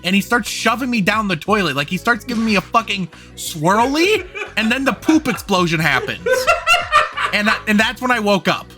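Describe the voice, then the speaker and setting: A man's voice: high voice, sing-song, normal speed, over loud music. A man co-hosting a podcast, telling a rambling story in a casual chat. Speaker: podcast co-host. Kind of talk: casual movie-review chat.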